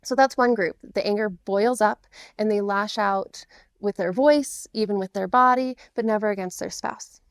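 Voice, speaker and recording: A woman's voice: medium pitch, normal speed, no room sound, clean studio sound. A middle-aged woman coaching men through divorce, explaining patiently and earnestly in a direct-to-camera talk.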